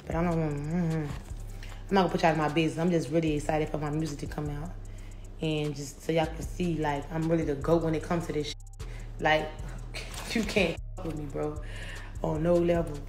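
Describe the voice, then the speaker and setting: A woman's voice: low voice, fairly even intonation, normal speed, long pauses, a little hiss or hum. A young adult woman rapper talking casually in an interview, brash, boastful and full of profanity. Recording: roomy echo.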